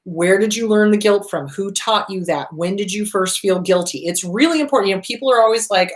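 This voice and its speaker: A woman's voice: medium pitch, animated, moderate pace, hardly any pauses. A woman therapist hosting an advice talk, blunt and profane, hammering points home with emphatic repetition. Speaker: therapist and show host. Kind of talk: direct-to-camera advice talk.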